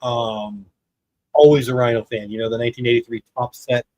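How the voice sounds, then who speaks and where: A man's voice: medium pitch, steady tone, fairly quick, darkish tone, no room sound, poor audio. Chatty man in his fifties, dry sound. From United States. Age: 50s. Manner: rambling, chatty, reads chat aloud. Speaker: livestream watch party host. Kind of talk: casual live baseball commentary.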